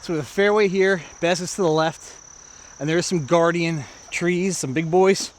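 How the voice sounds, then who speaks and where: A man's voice: on the high side, normal speed. An American man casually narrating his disc golf round outdoors, talking to viewers as he plays. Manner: chatty, self-narrating, talks to viewers. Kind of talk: casual play-by-play vlog. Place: outdoor park course.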